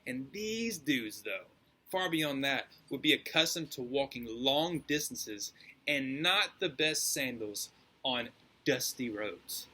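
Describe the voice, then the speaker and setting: A man's voice: medium pitch, bright, forceful tone, slightly rough, poor audio. A male pastor preaching a sermon in a casual, slangy and emphatic way.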